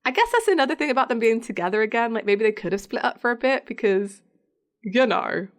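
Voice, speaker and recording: A woman's voice: fairly high pitch, lively intonation, fast talker. Chatty woman podcast co-host. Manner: chatty, laughs often, acts out quotes from the episode. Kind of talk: casual chat recapping a TV episode.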